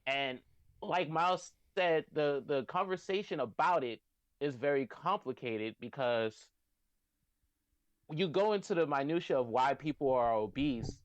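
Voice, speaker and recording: A man's voice: fairly high pitch, expressive, a little slow, no echo. A man in a casual group discussion, explaining animatedly and restarting words as he builds his point. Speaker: podcast co-host.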